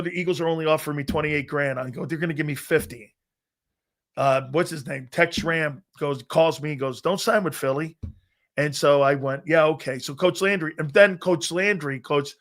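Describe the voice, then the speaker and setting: A man in his fifties, a former football player hosting a live sports talk show, telling stories in a profane, animated, laughing way. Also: on the high side, normal speed. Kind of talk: casual live-stream storytelling.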